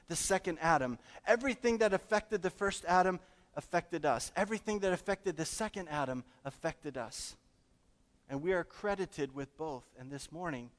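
A man's voice: a little high, big-room sound. A man preaching a sermon in a church, emphatic and asking the congregation questions. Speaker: pastor.

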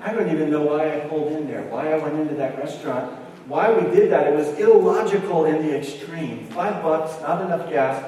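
A middle-aged man preaching a sermon, telling a personal story and acting out the dialogue with lively energy. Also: fairly high pitch, fairly quick, a little hiss or hum. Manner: animated storyteller, acts out dialogue. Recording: echoey hall recorded from far off.

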